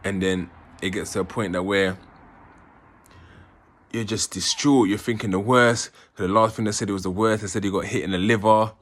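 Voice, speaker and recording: A man telling an emotional personal story as an interview guest, halting and often repeating words as he restarts. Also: fairly low pitch, fairly even intonation.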